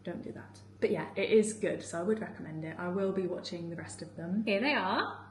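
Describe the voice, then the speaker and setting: A woman's voice: lowish voice, fairly quick, roomy sound, background noise. A woman vlogging casually while she cooks at home, chatty and full of "like", laughing often. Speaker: food vlogger. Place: home kitchen.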